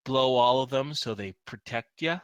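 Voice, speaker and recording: A man's voice: medium pitch, moderate pace, clear, resonant tone, dry recording, natural voice. A man voicing a crude, taunting bar bully who chews on a cigar and sneers at strangers. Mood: sneering.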